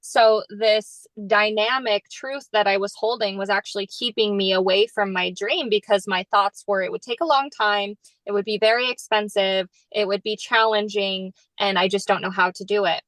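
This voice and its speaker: A woman co-hosting a podcast, telling a story in casual chat with lots of "like" and lively quoted asides. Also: moderate pace, few pauses, no echo, low-quality recording. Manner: animated storyteller, heavy use of "like", jumps high when quoting others. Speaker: podcast co-host.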